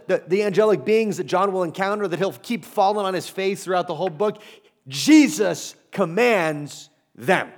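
Male pastor with a slightly high voice, preaching in a conversational, emphatic way with humorous asides. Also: animated, normal speed. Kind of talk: sermon.

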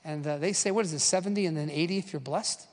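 An older man in his sixties preaches with a high voice, telling stories with punchy call-and-response lines. His voice rings through a hall with a long reverb. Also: fast, a little mellow. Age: 60s. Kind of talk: sermon.

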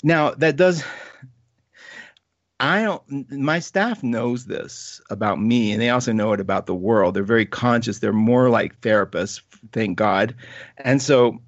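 A chatty man hosts an astrology talk show, spinning a self-mocking story in a loose, animated way. His voice sits at an ordinary middle pitch. The sound is dry and a bit muffled, with no room echo. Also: a little slow. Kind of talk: casual storytelling monologue.

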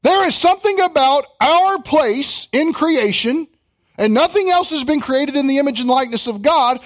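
Male pastor with a Kentucky accent, very high and lively voice, reads scripture slowly and then jokes with the congregation. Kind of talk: sermon.

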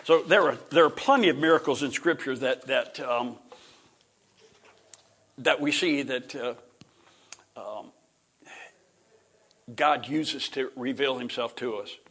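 A middle-aged man teaching a Bible lesson in an informal lecture style, rambling, restarting sentences, clearing his throat and chuckling. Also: medium pitch, slow pace, pauses often, fairly bright tone.

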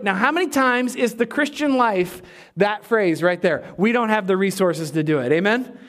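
High-voiced, animated male preacher. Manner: animated, acts out the disciples in quick asides; drops to a hushed, slow voice for emphasis. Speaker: pastor. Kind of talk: sermon.

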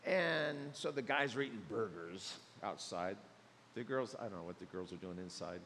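A man preaching a sermon as pastor, animated and acting out the voices of the people he describes. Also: lowish voice, moderate pace, in a large hall, a little hiss or hum. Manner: animated, acts out voices of others. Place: church sanctuary.

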